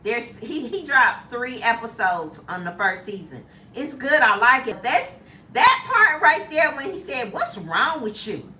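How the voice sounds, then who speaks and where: Animated woman in her fifties, roomy sound. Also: a little slow, far from the mic, a little hiss or hum. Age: 50s. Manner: animated, squeals high when acting out reactions. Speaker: lifestyle vlogger. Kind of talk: casual chat.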